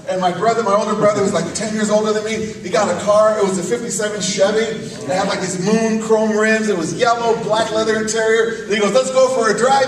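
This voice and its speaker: A pastor with a high-pitched voice preaches a sermon, calling on the congregation to answer back and swinging between loud outbursts and quiet, hushed questions. He is heard from some distance in an echoey chapel. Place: church chapel. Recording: echoey room picked up from a distance.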